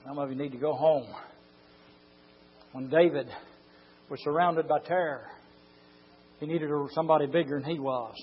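A pastor with a drawl delivers a fiery sermon in a husky, raised voice. He drops low, then stretches his words into long shouts. The recording sounds dull and lo-fi. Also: fairly even intonation. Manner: swings from low talk to drawn-out shouting.

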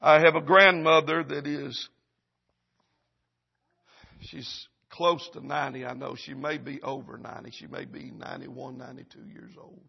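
Male preacher mid-sermon in church; swings from loud and urgent to hushed and slow; raspy, lo-fi sound. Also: mid-range voice, fairly even intonation. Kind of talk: revival sermon. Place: church service.

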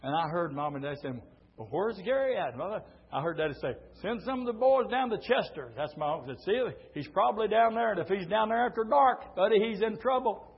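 A middle-aged man preaching a sermon, telling stories and swelling into shouted preaching, heard on a dull lo-fi church recording. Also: high-pitched, animated, fairly quick, husky.

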